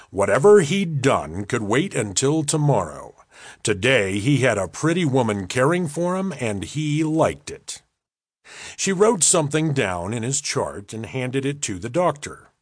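Male audiobook narrator, measured storytelling, animated intonation, dry close recording. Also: mid-range voice, slightly rough, no room sound. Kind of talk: scripted narration.

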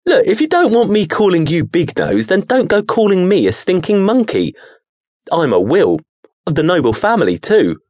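A man voicing a gruff little furry creature. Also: medium pitch, sing-song, moderate pace, few pauses, no room sound, studio quality, natural voice. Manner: gruff, blunt, matter-of-fact. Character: small furry lemur-like male creature, gruff and cheeky.

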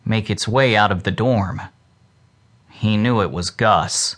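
A man narrating a children's book as an audiobook in a slow, measured reading. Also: lowish voice. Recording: loud steady hiss.

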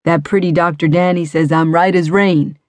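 A woman voicing an older man who lives on the street, a teasing rascal with a raspy voice and an exaggerated deep drawl. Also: steady tone, moderate pace, dry recording, close to an everyday voice. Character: old male street regular, teasing rascal. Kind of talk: audiobook character voice.

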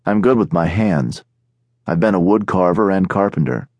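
A man voicing a wary, parched male captive with a rasping voice, in an audiobook. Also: deep voice, normal speed, darkish tone, no room sound.

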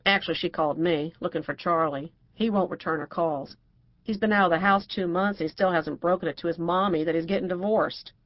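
A woman's voice: lowish voice, brisk, no room sound, lo-fi sound, close to an everyday voice. A woman narrator voicing a brassy, outspoken middle-aged divorcée who talks bluntly and crudely.

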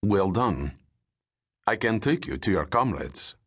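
A man's voice: fairly low pitch, takes it slowly, husky, heavily acted. A man doing a cold, ruthless German agent. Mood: calm. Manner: calm, quietly menacing.

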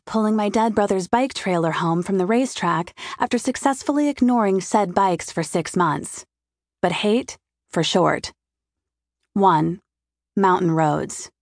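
A woman's voice: mid-range voice, darkish tone, no echo. A woman giving a wry, intimate first-person audiobook narration, recorded in a studio. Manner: wry, intimate inner monologue.

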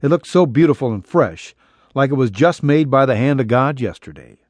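A man narrating a romance audiobook in a plain, steady storytelling manner. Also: medium pitch, normal speed, dry recording. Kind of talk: scripted narration.

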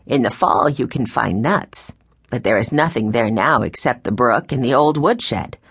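A woman voicing a kindly older aunt in a storybook reading, explaining in a measured, patient way. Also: very deep voice, animated, a bit bright, slightly rough, no echo, clean studio sound, voice pushed down, exaggerated voice.

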